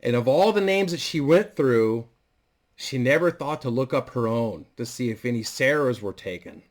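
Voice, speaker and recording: A man's voice: medium pitch, expressive, normal speed. A man casually and crudely rambling through a story idea, full of fillers and restarts. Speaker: vlogger.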